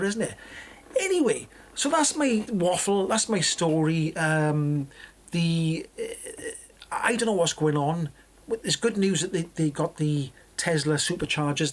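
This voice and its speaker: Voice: mid-range voice, husky. A vlogger in their sixties from Wales, chatting in a meandering, casual way and often restarting sentences. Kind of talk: casual rambling commentary.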